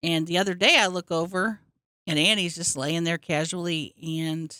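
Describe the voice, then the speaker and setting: A woman's voice: fairly low pitch, fairly even intonation, normal speed, pushed and bright, dry recording, clean studio sound. A woman co-hosting a podcast in casual chat, easygoing, laughing often and swearing. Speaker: podcast co-host.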